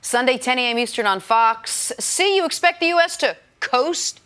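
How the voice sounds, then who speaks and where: A woman reads sports headlines with crisp newsreader timing and tosses in light asides. Her voice sits somewhat high. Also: animated, normal speed, a bit bright. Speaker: news update host. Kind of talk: reading sports headlines on a talk show.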